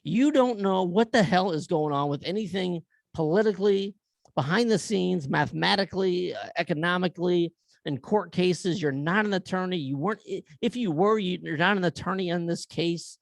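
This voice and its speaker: A man with a gravelly, slightly higher-pitched voice rants on his podcast. He talks bluntly, swears freely and piles up rhetorical questions. The sound is close and dry, with no room around it. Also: dry recording. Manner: blunt and profane, asks rapid rhetorical questions. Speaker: podcast host. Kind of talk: opinion rant.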